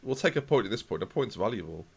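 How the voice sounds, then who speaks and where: A young man commentating live on his football management game, reacting loudly to the match and chatting to viewers. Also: lowish voice, big pitch swings, quick pace, creaky, husky.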